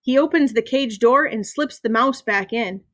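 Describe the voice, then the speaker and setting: A woman reading a children's novel aloud in a steady, expressive storytelling manner. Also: a little high, moderate pace, no echo, studio quality. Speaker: reader.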